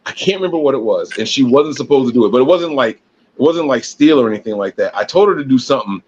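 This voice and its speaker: A man co-hosting a casual podcast, telling long stories at an easy mid pitch and often restarting his sentences. The sound is dull and lo-fi. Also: expressive, quick pace, darkish tone, husky. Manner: rambling storyteller with many restarts. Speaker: podcast co-host.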